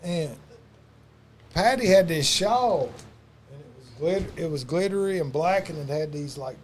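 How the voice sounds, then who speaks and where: A man's voice: fairly high pitch, expressive, unhurried, a little hiss or hum. A man telling loose, profane wrestling stories in a casual chat, full of fillers and asides. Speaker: wrestling podcast guest.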